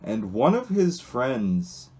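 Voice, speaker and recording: A man's voice: medium pitch, wildly swooping pitch, slow pace, warm tone. A man casually describing comics aloud in a rambling, hesitant way, with many restarts and asides. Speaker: solo video host reading comics.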